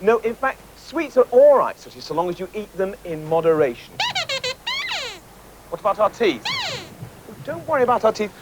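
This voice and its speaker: A man's voice: high-pitched, sing-song, moderate pace, pauses often, very noisy. A man hosting a children's comedy, chatting and coaxing his puppet friends. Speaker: host and puppeteer.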